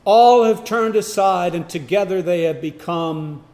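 A man preaching a sermon, emphatic, swinging from loud declarations to hushed asides. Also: sits high, a little slow. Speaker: pastor.

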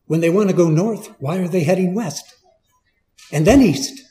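A man's voice: high voice, moderate pace, mellow. A man preaching a Bible teaching in a conversational way, asking the listeners questions and stressing key words.

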